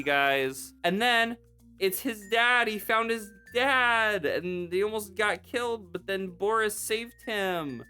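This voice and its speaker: A young man hosting a comedic commentary video, recapping things with sarcastic, deadpan asides. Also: high voice, slow pace, clear, resonant tone, soft background music.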